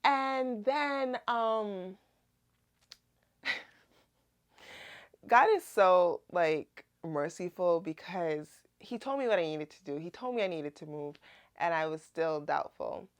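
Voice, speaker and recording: This young woman's voice is low-pitched and measured in pace. A Christian vlogger, she shares a casual personal testimony in a chatty, animated way full of "like"s.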